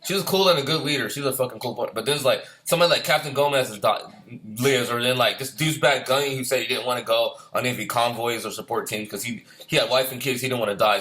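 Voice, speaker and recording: A middle-aged man and former Marine tells his story in quick bursts. His voice is bright and edgy. He swears freely and rambles, circling back to the same points again and again. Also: mid-range voice. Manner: profane, rambling, repeats himself. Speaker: former Marine recounting deployment. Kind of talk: casual storytelling.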